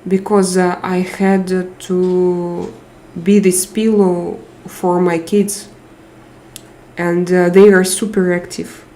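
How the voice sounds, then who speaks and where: Woman live stream host, tired, unhurried speech, emotional thanks to chat. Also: on the low side, level tone, slight background noise. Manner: warm, emotional, reads out chat names and thanks viewers. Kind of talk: casual live chat with viewers.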